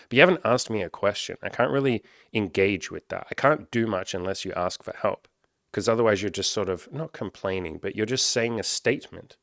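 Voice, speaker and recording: A man with a low, deep voice talks straight to camera about his coaching work. His delivery is casual and candid, with lively bursts when he acts out other people, and he swears freely. The sound is close and dry, with no room echo. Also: fairly quick, vocal fry. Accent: Australian. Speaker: life coach and content creator. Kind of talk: casual talking-head monologue.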